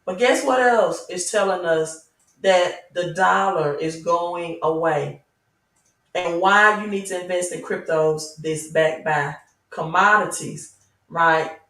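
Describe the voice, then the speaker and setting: A woman's voice: fairly low pitch, takes it slowly, fairly bright tone. A woman with a Southern US accent hosts a livestream, reading viewers' chat and lecturing emphatically with many rhetorical questions. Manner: emphatic, preachy, keeps asking rhetorical questions. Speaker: crypto channel host. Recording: roomy echo, mic at a distance.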